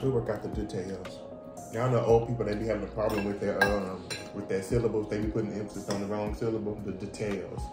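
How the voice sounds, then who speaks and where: A man's voice: on the low side, little pitch movement, fast. Man, playful storyteller, roomy echo, music behind. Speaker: co-host of a couple's cooking channel. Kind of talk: casual chat. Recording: echoey room with music.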